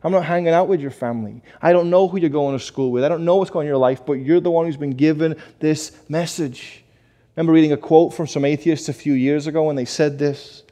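A middle-aged man preaching to a congregation, pressing his points with rhetorical questions and quick answers. His voice sits a little high for a man but has a dark, mellow tone. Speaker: pastor. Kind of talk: sermon.

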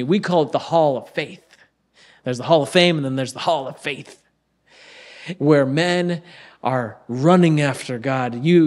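Young male preacher, slightly high voice, casual and earnest, sermon delivery that sinks into soft hushed stretches. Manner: earnest, conversational preaching that drops to near-whispers.

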